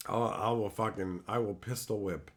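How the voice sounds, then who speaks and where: A man streams live, casually chatting and turning viewer messages into crude, profane jokes. His lowish voice stays steady in tone and fairly bright, moving a little slowly.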